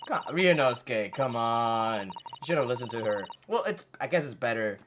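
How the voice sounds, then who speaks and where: A let's play host giving casual gameplay commentary, excitable and swearing often. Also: medium pitch, moderate pace, hardly any pauses, background noise.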